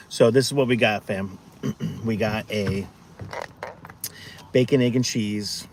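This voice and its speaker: Chatty low-voiced New man. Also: unhurried, pauses often. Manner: chatty, rambling asides to viewers and his dog. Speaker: food vlogger. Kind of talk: casual live-stream chat. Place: outdoors by a café and in a car. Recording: noisy outdoor traffic background.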